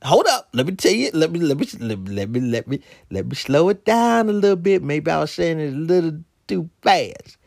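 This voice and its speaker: Animated, gravelly man telling a funny story. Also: a little high, no echo, clean studio sound. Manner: animated, laughing, drawn-out exclamations. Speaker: podcast host. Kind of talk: casual storytelling monologue.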